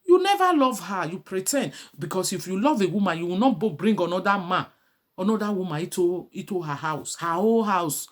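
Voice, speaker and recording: A woman's voice: on the low side, lively intonation, brisk. A middle-aged woman giving a pleading, preachy advice monologue as a vlogger.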